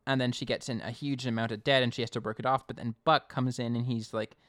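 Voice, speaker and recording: A man casually recapping an episode as a podcast co-host, chatty and animated. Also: mid-range voice, fast talker, no room sound, studio quality. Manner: chatty, animated storytelling with acted quotes.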